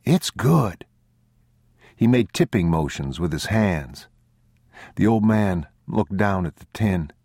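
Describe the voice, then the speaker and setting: A man reading a novel aloud as audiobook narrator in a measured, sombre, deliberate manner, recorded on a close mic. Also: low voice, animated, warm tone, dry recording. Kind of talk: scripted literary narration.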